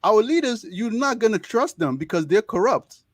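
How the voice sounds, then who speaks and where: This high, sing-song male voice moves at a moderate pace on a dry recording. He's a young medical student with a Nigerian accent, chatting casually as an interview guest and hammering his points with repeated words and passionate emphasis.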